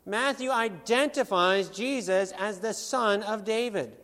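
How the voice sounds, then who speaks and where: High-voiced man preaching in a reverberant hall. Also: a little slow, a bit bright. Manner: earnest, emphatic preaching with rhetorical questions. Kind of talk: sermon.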